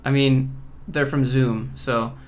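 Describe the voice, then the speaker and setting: A man from Georgia hosting a casual livestream Q&A from home, relaxed and offhand as he reads and answers chat questions. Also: medium pitch, slow pace. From Georgia, USA. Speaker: coding YouTuber host.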